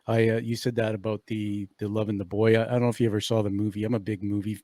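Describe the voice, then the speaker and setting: A man's voice: on the low side, flat delivery, fast, dark tone, no room sound, clean studio sound. A man hosting a podcast interview, enthusiastic and casual, calling his guest dude and swearing now and then. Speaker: podcast host.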